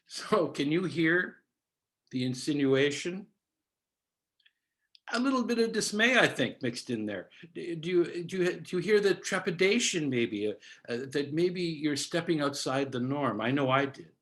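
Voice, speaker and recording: This septuagenarian Canadian cantorial soloist offers a didactic, measured storytelling talk by video call, sprinkled with Yiddish terms. He sounds animated and a little bright, at medium pitch.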